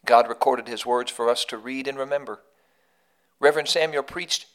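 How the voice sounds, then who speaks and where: Speaking at a moderate pace in a mid-range, fairly bright voice, this devotional podcast host tells a story. He's earnest and emphatic, relying heavily on repetition.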